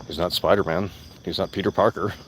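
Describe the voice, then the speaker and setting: A man with a deep, low voice rants casually while outdoors, swearing freely and circling back over his points. Faint crickets and insects chirp in the background. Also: steady tone, a little fast, slight background noise. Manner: profane, blunt, repeats himself. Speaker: vlogger. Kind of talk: casual rambling rant. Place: outdoors among plants.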